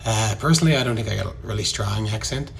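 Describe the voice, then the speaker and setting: Low-voiced Newfoundland man with a head cold. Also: quick pace, vocal fry, slight background noise. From Newfoundland, Canada. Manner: modest, hesitant with frequent uhs. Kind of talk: casual selfie-video introduction.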